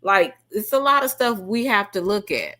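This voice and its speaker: A woman hosting a livestream, chatting casually and reading out viewer comments in an animated, slangy way. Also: medium pitch, normal speed. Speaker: livestream host.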